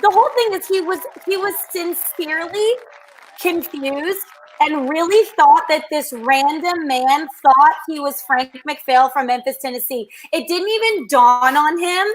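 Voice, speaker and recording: A woman's voice: high voice, a little slow, rough recording. A woman chatting casually on a podcast, teasing and correcting with dry remarks. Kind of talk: casual chat.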